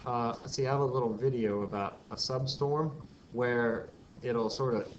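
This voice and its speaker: A man with a medium-pitched voice and fairly even intonation teaches a physics class at a moderate pace. He works through the material step by step, questions the students and now and then adds an aside. The classroom recording is dull and lo-fi, with faint hiss.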